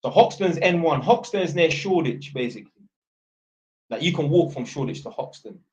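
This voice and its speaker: A man's voice: fairly high pitch, expressive, fairly quick. Blunt rambling man. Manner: rambling, blunt, swears a lot. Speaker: streamer. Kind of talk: live-stream chat. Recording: dull lo-fi sound.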